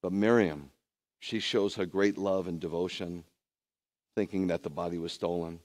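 A man, a rabbi, preaching a lively sermon full of rhetorical questions and conversational asides. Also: deep voice, normal speed.

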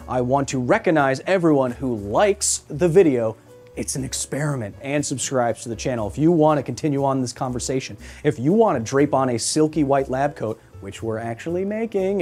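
A hoarse man in his thirties delivers a scripted science explainer with a wry, theatrical edge, addressing the viewer directly. His voice is husky and strained, and his pitch sits at a middle height for a man. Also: a little mellow. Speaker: science video host.

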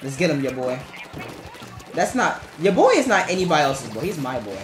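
A male streamer chats loosely over his gameplay, his voice lively and jumping around in pitch as he rambles and jokes. The room has a roomy echo, and faint game music plays underneath. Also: a little fast. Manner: rambling and playful, chanting "garbage" in sudden high squeals. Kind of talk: casual live-stream commentary while gaming.

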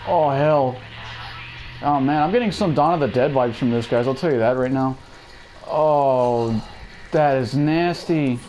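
A man's voice: mid-range voice, measured pace, darkish tone, a little hiss or hum. A young man commentating as he plays a horror game, talking to his viewers and exclaiming at every scare. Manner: jumpy, exclaims and chatters to viewers while playing. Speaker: gaming YouTuber. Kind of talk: let's play commentary.

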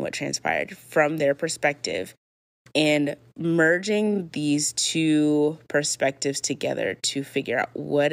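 Low-voiced woman podcast host, dry sound. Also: gravelly, no room sound. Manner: candid, emphatic, acts out example apologies in voices. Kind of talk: casual advice talk.

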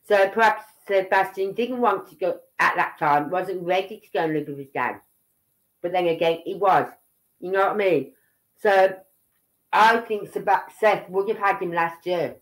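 A woman's voice: fairly low pitch, moderate pace, poor audio. A middle-aged woman from Birmingham with a Brummie accent, chatting rambly on a livestream and tagging her points with "right?". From Birmingham, England. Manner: chatty, rambling, keeps tagging "right?" and "you know what I mean". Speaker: livestream host. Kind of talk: casual livestream commentary.

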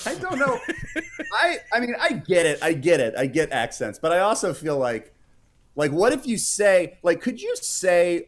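A man's voice: high voice, huge pitch swings, normal speed. A man hosting a live stream in casual chat, reading out chat comments and rambling with many fillers and restarts.

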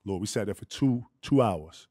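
A man's voice: on the low side, animated, moderate pace, warm tone, husky. A man telling stories from his playing days in a loose, profane way, acting out the voices of other people. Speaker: guest storyteller. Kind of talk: casual storytelling.

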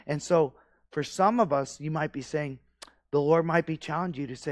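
A male pastor in middle age delivers a sermon in a church. His voice sits a little high, and the recording is dry and close. He talks conversationally, then presses his points with emphatic repetition. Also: a little fast, no room sound. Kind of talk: expository sermon. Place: church sanctuary.

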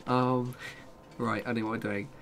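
A man's voice: medium pitch, flat delivery, normal speed, a bit bright. A young man casually commenting on a survival game as he plays, swearing and talking back to his chat. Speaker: streamer.

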